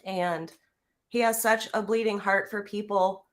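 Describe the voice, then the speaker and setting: A woman's voice: medium pitch, fairly even intonation, measured pace. A woman giving an emotional tribute on a livestream video call, nervous and close to tears, earnest and heartfelt. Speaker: guest speaker.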